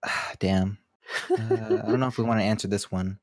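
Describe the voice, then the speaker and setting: A man's voice: lowish voice, normal speed, darkish tone, dry recording, clean studio sound. A man co-hosting a podcast, talking casually and hesitantly, often restarting his sentences. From United States.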